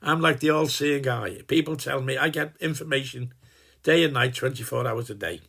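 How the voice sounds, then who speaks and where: A man in his eighties sends a personalized Christmas video greeting, playing a gruff, cheeky old working-class dad in a jokey, heavily acted manner. His mid-range voice has a sharp tone and moderate pace as he rambles chattily in character, swearing casually and trailing off before restarting.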